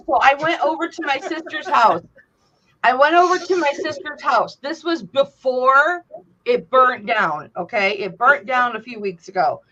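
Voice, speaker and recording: A woman's voice: sits high, measured pace. A woman hosting a casual chat, telling stories with lots of swearing and acting out what people said. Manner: animated storyteller, swears freely, acts out quotes. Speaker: host. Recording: dull lo-fi sound.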